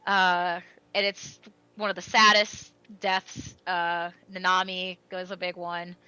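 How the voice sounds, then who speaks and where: A young woman co-hosting a podcast, retelling a story in an animated way with lots of fillers. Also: on the low side, takes it slowly, clean tone, no room sound, dull audio. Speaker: podcast co-host. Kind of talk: casual chat.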